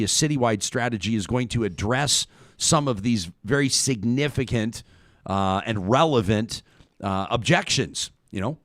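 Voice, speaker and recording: A man's voice: medium pitch, dry recording. A man hosting a live talk show, asking guests questions in a conversational way and often repeating words as he restarts. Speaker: host.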